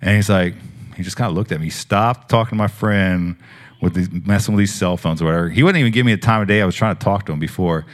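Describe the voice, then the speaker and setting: A man preaching, telling personal healing stories in a rambling, animated way with many fillers. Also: sits low, fast. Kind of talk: sermon testimony storytelling.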